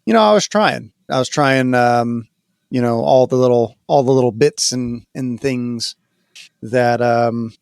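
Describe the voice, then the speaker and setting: A man co-hosting a casual gaming podcast, telling stories in an animated way with plenty of fillers and laughs. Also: medium pitch, unhurried, gravelly, clear, resonant tone, dry recording, studio quality. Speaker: podcast co-host. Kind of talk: casual chat.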